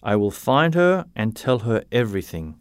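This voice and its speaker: A man voicing a heartbroken, stubborn teenage boy in a slowly read storybook. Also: lowish voice, very animated, clean tone, no room sound, studio quality. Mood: tearful resolve. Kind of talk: graded-reader story narration.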